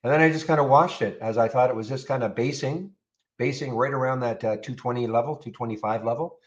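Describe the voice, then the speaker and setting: Fast and mid-range, this male voice comes through with the highs cut off. He hosts a live trading room, talking informally over charts and answering viewers, repeating words often in his live stream commentary.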